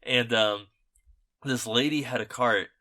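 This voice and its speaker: A man's voice: medium pitch, steady tone, a little slow, sharp tone. A young man chatting on a podcast, telling stories in a rambling way with lots of fillers and casual swearing. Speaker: podcast host. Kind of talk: casual chat.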